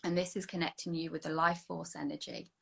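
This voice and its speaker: A woman with a fairly low voice talks listeners through a guided meditation. She keeps a slow, soothing pace and now and then sinks into a hushed whisper. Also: flat delivery, creaky, breathy edge. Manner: slow, soothing guiding voice that drops to a soft whisper. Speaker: energy healing practitioner. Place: online video session.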